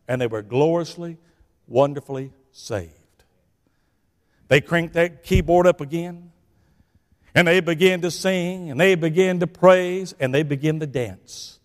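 An older man with a Southern US accent preaching a sermon, telling folksy stories that swing between shouting and hushed asides. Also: a little high, measured pace, long pauses, in a large hall.

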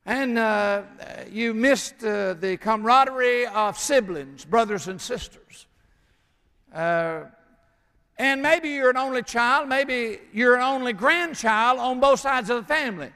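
Folksy older preacher in a reverberant church. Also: male voice, extremely high pitch, bright, forceful tone. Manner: folksy, joking storyteller with frequent "uh" pauses. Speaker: pastor. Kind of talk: sermon. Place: church sanctuary.

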